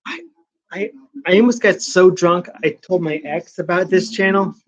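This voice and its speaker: A man vlogging in a casual late-night monologue, rambling and confessional with hushed asides. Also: high voice, moderate pace, muffled recording.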